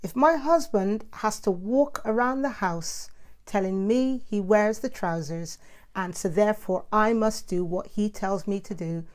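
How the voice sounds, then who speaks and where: Woman, middle-aged, mid-range voice, mouthy, lively casual talk. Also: mid-range voice, unhurried. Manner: animated, chatty, self-described mouthy. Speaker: host. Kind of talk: casual spoken monologue.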